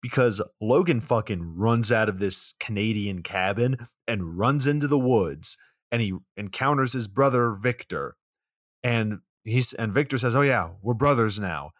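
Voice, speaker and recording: A man with a fairly low voice recaps a film for a podcast. He narrates with sarcastic, profane play-by-play. His voice sounds dry and close to the mic. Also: a little slow, no echo. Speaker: podcast co-host. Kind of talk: comedic movie recap.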